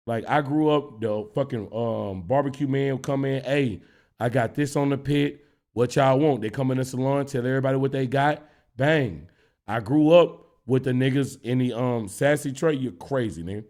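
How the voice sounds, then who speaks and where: A young man telling an animated, profane story as a streamer, acting out characters and laughing often. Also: medium pitch.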